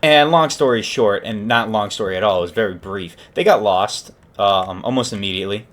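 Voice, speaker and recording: A man's voice: fairly low pitch, a little fast, a bit bright. A young man casually retelling a story, rambling and correcting himself with lots of fillers. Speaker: podcast host.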